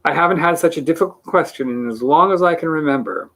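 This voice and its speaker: A man voicing a cheerful, muddled ordinary man who talks in a bright, sing-song way. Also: on the high side, fast, pitched above the performer's own voice. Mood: rambling.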